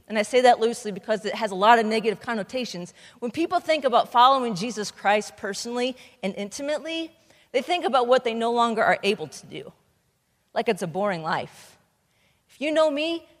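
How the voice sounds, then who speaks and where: A young adult woman giving an energetic, emphatic sermon as a camp speaker. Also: sits high. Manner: energetic, emphatic preaching with rising bursts. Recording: speech in a reverberant hall.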